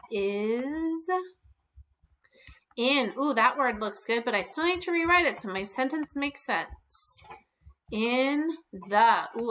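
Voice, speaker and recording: A woman teaching a kindergarten lesson on video, speaking slowly and clearly, encouraging the children. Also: high-pitched, sharp tone. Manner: slow, clear and encouraging, stretching words for small children. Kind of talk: recorded lesson for young children.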